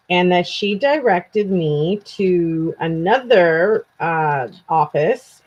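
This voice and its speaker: Tired, chatty woman live-streaming. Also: lowish voice. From Canada. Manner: chatty and self-deprecating, answers viewer comments. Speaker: true crime channel host. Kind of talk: casual live-stream chat with viewers. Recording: dull lo-fi home stream audio.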